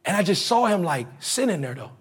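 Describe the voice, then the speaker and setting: A man's voice: high voice, big pitch swings, a little fast, breathy edge. A male preacher giving a conversational, slangy sermon, leading the congregation in call-and-response.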